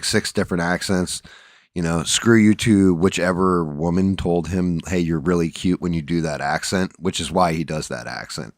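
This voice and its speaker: Still groggy from waking up, a livestream host with a very deep voice rambles through a casual chat, swearing often and restarting his thoughts. It's a dry, close recording without any surrounding room.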